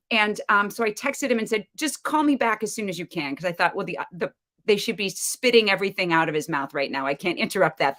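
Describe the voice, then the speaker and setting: A woman in her thirties, a stage actress, telling animated stories in a casual interview, laughing now and then with plenty of ums. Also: lowish voice. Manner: animated storyteller, laughs often, lots of ums.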